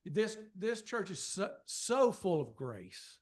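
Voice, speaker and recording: Southern man, folksy and heartfelt, fairly high pitch, rambling with fillers. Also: sing-song, slow, a little mellow. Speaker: church communications staff member. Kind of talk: informal thank-you speech to a church class.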